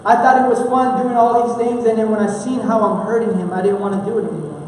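A man's voice: high voice, fairly even intonation, fast, a little mellow, a little hiss or hum. A man from Houston, preaching a sermon in an earnest, conversational way, often restarting his sentences. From Houston, Texas. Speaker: pastor. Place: church. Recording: echoey church hall, mic far off.

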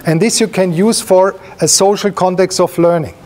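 A man's voice: high voice, normal speed, a little mellow, a little hiss or hum. A male professor giving an academic seminar lecture, explaining while pointing at slides, with frequent fillers and restarts.

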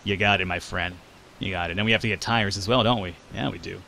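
A man's voice: low-pitched, steady tone, fast talker, vocal fry, sharp tone, slight background noise. Sarcastic male let's play gamer. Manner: sarcastic, jokey, swears casually. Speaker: gaming channel host.

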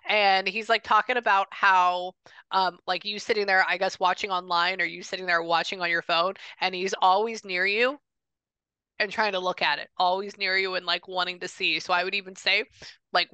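A woman working as a medium, running a relaxed session with a client over a video call. Her voice sits a little low yet rings bright and smooth, recorded dry and close. She chats freely, restarting sentences and repeating phrases. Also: moderate pace, no echo. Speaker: psychic medium. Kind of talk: casual reading session with a client.

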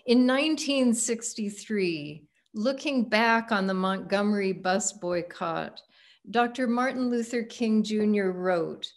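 A woman pastor giving a sermon, reading a passage aloud in a measured, expressive way. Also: medium pitch.

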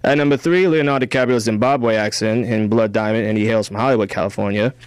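A man's voice: lowish voice, steady tone, quick pace, clean tone, no room sound. A young man co-hosting a college radio film show, giving reviews and reading a countdown in an easygoing way. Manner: easygoing, filler-heavy. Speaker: radio co-host. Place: radio studio. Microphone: studio microphone.

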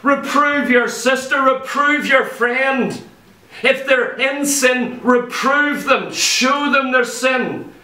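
A male preacher with a very high, piercing, bright voice delivers an emphatic sermon full of rhetorical questions. He picks up from a distance, and the church hall around him rings with echo. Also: slow. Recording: echoey church hall, voice from far off.

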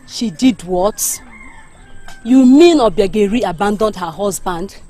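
A village friend, exclaiming and scolding. Her mid-pitched voice is very lively, with faint film music behind. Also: unhurried. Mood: gossiping. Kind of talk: Nollywood film acting. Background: soft film music.

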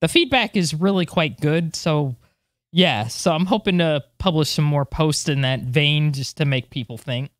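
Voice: mid-range voice, dry recording. A podcast co-host chatting casually and reading space news. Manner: lively, quick laughs. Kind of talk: casual chat and read news.

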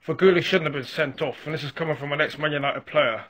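A man impersonating an exasperated former footballer who rants about a referee, husky voice. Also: a little high, fast, a bit bright, lightly acted. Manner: exasperated, ranting. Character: exasperated ex-footballer male pundit.

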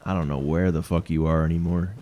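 A man's voice: low voice, fairly even intonation, fairly quick, dark tone, lo-fi sound. A young man watching a friend play a video game, joking and teasing casually. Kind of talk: casual gaming chat.

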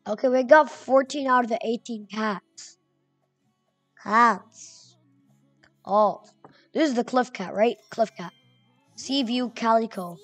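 Young woman, gameplay commentary, excitable and chatty, slow-talking, dry close mic. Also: fairly high pitch, breathy edge, dry recording, soft background music. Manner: excitable, chatty, reads names aloud. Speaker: gamer.

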